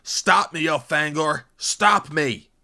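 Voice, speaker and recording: A man voicing a male alien warrior who is losing control, shouting and pleading in a raised, loud voice. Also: fairly high pitch, slow pace, creaky, voice pushed up, full character voice. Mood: desperate shouting.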